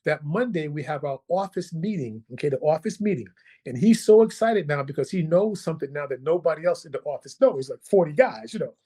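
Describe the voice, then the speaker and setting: A man with a slightly raised pitch tells a story in a casual, lively way. He acts out what others said and keeps checking in with the listener with "right?" and "okay?". He is a guest on a podcast. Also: a little fast, breathy edge.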